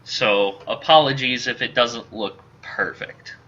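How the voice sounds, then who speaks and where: A man's voice: medium pitch, slow pace, sharp tone. A man giving casual, chatty and self-deprecating commentary while playing a video game. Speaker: gamer. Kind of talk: casual let's-play commentary. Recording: dull lo-fi with faint hiss.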